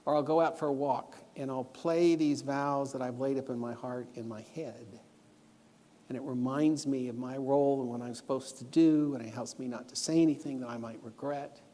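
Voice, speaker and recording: A man's voice: mid-range voice, fairly even intonation, normal speed, warm tone. Earnest male preacher in a reverberant hall. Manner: earnest, storytelling, instructive. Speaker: guest preacher. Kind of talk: sermon lesson. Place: church auditorium. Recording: long church hall reverb.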